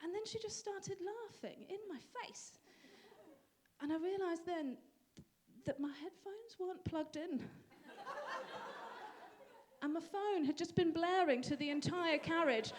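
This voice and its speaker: A young woman from England performing a stand-up comedy set with a dry, self-deprecating delivery and sudden high bursts. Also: unhurried. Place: comedy venue stage. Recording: live audience laughter.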